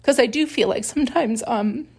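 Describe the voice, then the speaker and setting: A woman hosting a podcast, talking through spiritual ideas in a reflective monologue, musing and searching for words with pauses and self-corrections. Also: fairly high pitch, darkish tone, husky. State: tearful at times. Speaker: podcast host.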